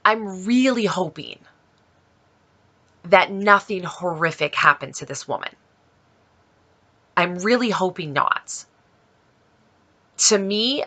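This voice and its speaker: A woman vlogger telling a story in a lively way, acting out both sides of a conversation with an exasperated edge. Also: fairly low pitch. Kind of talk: storytelling vlog.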